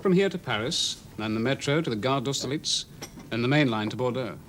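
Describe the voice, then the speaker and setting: A man's voice: mid-range voice, expressive, fairly quick, a bit bright, a little hiss or hum, close to an everyday voice. A man in a period TV drama, speaking in a blunt, matter-of-fact way.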